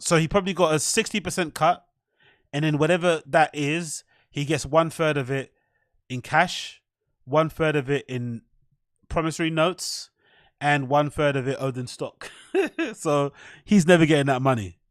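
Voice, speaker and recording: A man's voice: fairly high pitch, normal speed, no room sound, clean studio sound. A man hosting a solo podcast, commenting on clips in a mocking, sarcastic way and swearing freely. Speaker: podcast host. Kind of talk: rambling commentary over clips.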